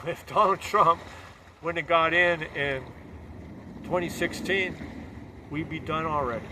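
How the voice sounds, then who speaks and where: A man's voice: fairly high pitch, sharp tone, slight background noise. A man delivering a fervent, preachy political monologue.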